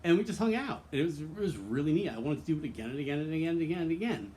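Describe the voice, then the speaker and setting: A man's voice: a little high, animated, very fast, mellow, slight background noise. A man talking straight to camera in a rambling, candid personal confession, earnest and emotionally open, swearing freely and restarting his sentences often. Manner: candid and profane, full of restarts and fillers. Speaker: vlogger.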